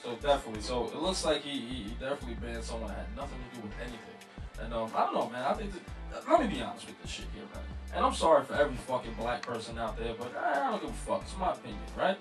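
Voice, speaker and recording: A man's voice: mid-range voice, sing-song, very fast. A man co-hosting a podcast in casual chat, swearing freely and emphatic, laughing as he rants. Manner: profane, emphatic, laughs while ranting. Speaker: podcast co-host. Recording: echoey room, far from mic, music behind.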